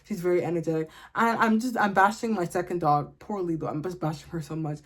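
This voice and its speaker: A woman's voice: on the low side, steady tone, brisk. A woman, ranting bluntly and comically to camera in a casual vlog. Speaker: vlogger.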